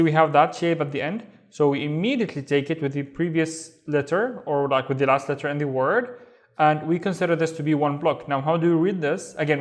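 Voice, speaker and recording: A man with a Saudi accent teaching a beginner Arabic reading lesson, patiently sounding out and repeating words. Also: a little high. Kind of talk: step-by-step language lesson.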